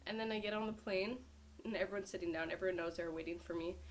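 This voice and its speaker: A woman's voice: medium pitch, steady tone, fast talker, a little hiss or hum. A young adult woman, a powerlifter, chatting casually to camera in a vlog and filling her talk with lots of "like". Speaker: powerlifter vlogger.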